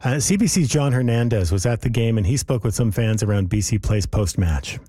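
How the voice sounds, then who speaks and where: A man's voice: on the low side, lively intonation, fairly quick, dark tone, slight background noise. A man hosting a live morning radio show in a friendly, easygoing way.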